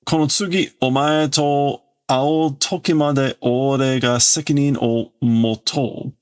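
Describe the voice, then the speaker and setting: A man's voice: medium pitch, fairly even intonation, darkish tone, smooth, voice pushed up, lightly acted. A man reading as a proud battle robot. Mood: stern. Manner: reads lines slowly from a manga. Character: proud male battle robot, gruff rival.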